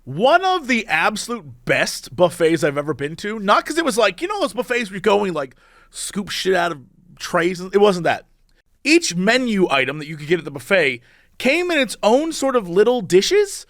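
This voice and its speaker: A man whose voice sits high co-hosts a podcast, trading stories at a moderate pace in laid-back chat packed with laughter; he's an animated, laughing storyteller. The recording is dry and studio-clean.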